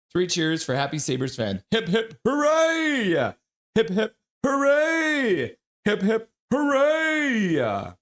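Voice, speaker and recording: Sniffly guy hosting a live stream, reads chat out loud and says hi to everyone by name, voice bounces all over. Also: medium pitch. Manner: chatty, reads chat aloud and greets viewers by name. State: sniffly, with a runny nose. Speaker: livestream host. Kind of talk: casual live-stream chat reading viewer comments.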